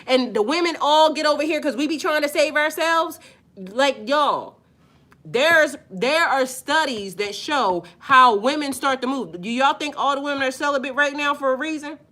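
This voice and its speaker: A woman talks straight to her viewers in a high, bright voice. She is blunt and profane, leans hard on her points and drags out the words she stresses. It sounds like an unscripted video talk. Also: normal speed. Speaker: spiritual life coach.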